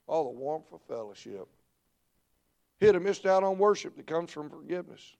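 A middle-aged man preaching a revival sermon in church, swinging between low murmurs and shouted peaks. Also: animated, normal speed, gravelly. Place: church sanctuary.

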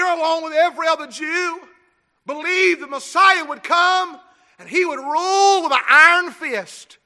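Male pastor, very high and piercing voice, preaching with shouts and rhetorical questions; long hall reverb. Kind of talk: sermon.

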